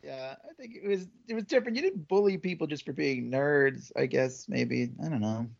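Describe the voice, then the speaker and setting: A man in his fifties co-hosting a podcast, talking in animated casual chat. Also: on the high side, normal speed, gravelly, lo-fi sound. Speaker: podcast co-host.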